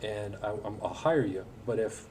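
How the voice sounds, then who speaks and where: A man's voice: lowish voice, moderate pace, dark tone, far from the mic, a little hiss or hum, poor audio. Folksy man telling stories from afar. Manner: folksy storytelling with frequent filler words and self-deprecating humor. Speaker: alumni guest speaker. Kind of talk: anecdotal speech to an audience. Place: event hall at a school breakfast.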